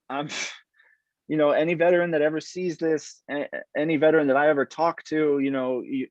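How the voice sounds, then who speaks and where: A man's voice: a little high, no room sound. Reflective male veteran on a dry call. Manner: reflective, halting, with frequent restarts. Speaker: guest, military veteran. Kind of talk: earnest conversational interview. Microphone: video call. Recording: slightly dull, dry video-call audio.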